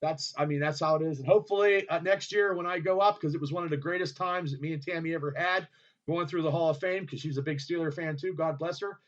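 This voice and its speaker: A fairly high-voiced man hosts an internet radio show, rambling loudly through a story. He swears freely, trails off and starts his sentences again. The audio is dull and lo-fi, as if from a home studio. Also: fast. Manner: excitable, loud and profane, often trailing off and restarting.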